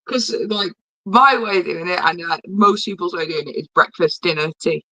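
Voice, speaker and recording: A woman's voice: lowish voice, normal speed, pushed and bright, no room sound, rough recording. A woman, a podcast guest chatting casually over a remote call, friendly and laughing easily. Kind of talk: casual chat. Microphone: remote call mic.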